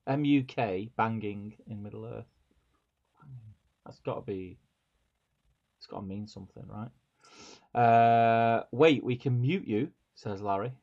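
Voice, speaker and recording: A man's voice: on the low side, unhurried, creaky, long pauses, darkish tone. A man co-hosting a live stream, reading viewer comments aloud and chatting with a laugh. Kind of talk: casual live-stream chat. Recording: dull lo-fi stream audio.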